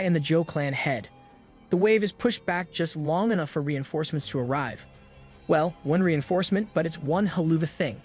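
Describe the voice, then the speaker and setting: A man's voice: on the high side, slightly rough. A man narrating a comic recap in a scripted style, breaking in with wry, slangy asides. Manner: wry, slangy commentary between plot beats.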